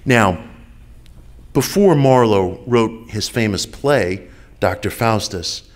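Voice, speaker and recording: Lower-pitched New man, deliberate lecturer, repeats key phrases, heard over a video call. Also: animated. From United States. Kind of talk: measured public lecture.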